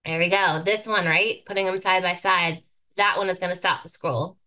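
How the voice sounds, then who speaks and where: A woman teaches over a live video call with slides, her voice bright and forward. She is brisk and upbeat, and she leans on key words and repeats them for emphasis. The sound comes through a computer microphone. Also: lowish voice, steady tone. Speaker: guest presenter teaching thumbnail design. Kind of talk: live webinar presentation with slides.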